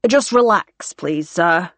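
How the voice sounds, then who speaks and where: A woman voicing a calm, polite male radiographer who reassures patients in an audiobook. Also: on the low side, slow pace, no echo. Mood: reassuring.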